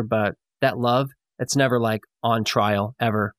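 A man's voice: on the low side, steady tone, a little slow, fairly bright tone, dry recording. Friendly male host, reflective and affirming, dry sound. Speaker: podcast host. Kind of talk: casual interview conversation.

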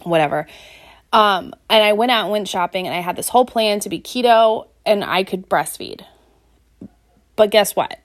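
A woman's voice: medium pitch, normal speed, no echo, clean studio sound. A young woman hosting her own podcast, chatting casually and telling stories with frequent laughter. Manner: chatty, laughs often, storytelling. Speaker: podcast host. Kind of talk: casual solo podcast chat.

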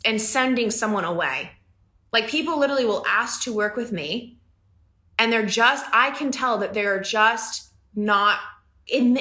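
A woman's voice: a little high, bright, forceful tone. A woman business coach talking casually to her audience, chatty and emphatic, often laughing. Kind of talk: casual podcast talk. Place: home in the country.

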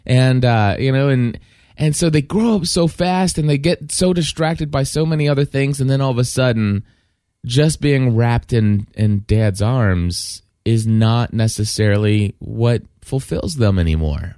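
Middle-aged man, heartfelt and halting, mid-pitched voice, dry close recording. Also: mellow, clean tone, no echo. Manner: halting, many restarts, earnest and heartfelt. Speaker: father sharing a personal faith reflection. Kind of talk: casual spoken reflection.

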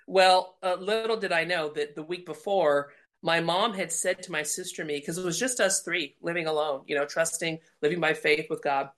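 A woman's voice: on the low side, moderate pace. A middle-aged woman from Colorado, a guest telling a personal faith story and acting out the voices in it. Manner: lively storyteller acting out quotes.

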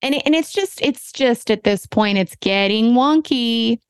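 A woman hosting a podcast, telling a personal story in a candid, animated, self-deprecating way. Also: fairly high pitch, a little slow, clean tone, no room sound. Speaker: podcast host.

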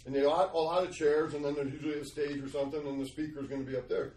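A man's voice: fairly high pitch, steady tone, quick pace, darkish tone, roomy sound, distant mic. A middle-aged man sharing a Christian testimony in a conversational podcast, telling his story earnestly. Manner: earnest storytelling, acts out quoted voices.

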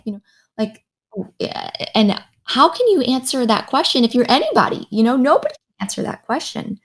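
A woman's voice: fairly high pitch, moderate pace, husky. A woman in her thirties, a pediatric radiologist, telling a story in casual conversation and acting out what people said. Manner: animated storyteller who acts out quoted dialogue.

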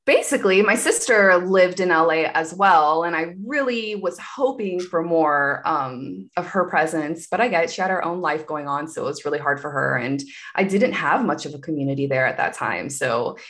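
Candid woman with a low-set voice. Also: animated, normal speed, hardly any pauses, fairly bright tone. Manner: candid, meandering, many asides. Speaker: guest. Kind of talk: personal storytelling in conversation.

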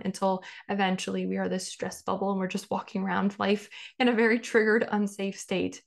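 A woman's voice: medium pitch, vocal fry. A woman in her thirties hosting a solo podcast, talking conversationally and repeating phrases for emphasis. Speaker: podcast host.

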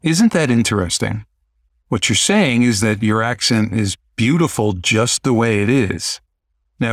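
Earnest male podcast host. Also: fairly low pitch. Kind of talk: interview questions.

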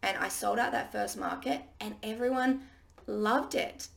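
A woman business coach with a husky morning voice, talking to listeners in a chatty, encouraging way. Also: mid-range voice, measured pace. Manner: chatty and encouraging, with frequent restarts. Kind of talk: casual solo podcast talk.

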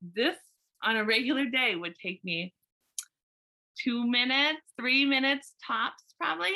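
A woman hairstylist telling a story in casual chat, animated and full of "like" and restarts. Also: fairly high pitch, a little slow.

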